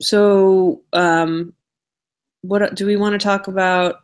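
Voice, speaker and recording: A woman co-hosting a casual podcast, opinionated and lively in her comments on films and comics, over a remote call. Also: mid-range voice, takes it slowly, smooth. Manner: opinionated, animated when quoting characters. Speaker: podcast co-host. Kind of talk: casual chat about comics and film.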